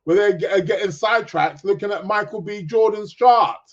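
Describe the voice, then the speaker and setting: A man's voice: high voice, moderate pace, lo-fi sound. A man hosting an astrology podcast, chatting casually and reading out viewer comments in a rambling, joking way. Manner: rambling, jokey, self-interrupting.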